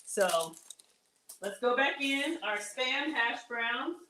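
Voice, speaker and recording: A woman chats her way through a casual cooking stream, addressing her viewers as y'all and getting a little flustered as she works. Her voice sits slightly high. A faint hiss runs under the recording. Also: lively intonation, slow, sharp tone, poor audio. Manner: chatty, talks to viewers as y'all; flustered, keeps telling herself to focus. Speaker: cooking show host.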